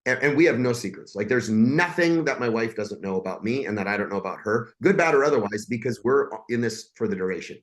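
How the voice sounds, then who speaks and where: A man's voice: medium pitch, animated, fast talker, few pauses. A man in his forties, a podcast guest, telling a personal story in a blunt, intense and profane way.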